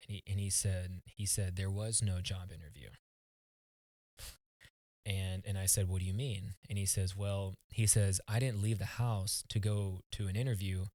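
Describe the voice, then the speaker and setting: A man from the United States, a podcast guest, telling a personal story in an earnest, halting way, often restarting his words. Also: sits low, fairly even intonation, darkish tone, no echo.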